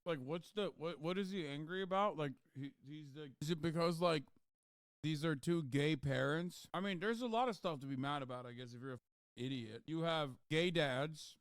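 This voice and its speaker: A man's voice: a little high, normal speed, smooth, no echo, studio quality. A man doing livestream commentary, ranting sarcastically with plenty of swearing.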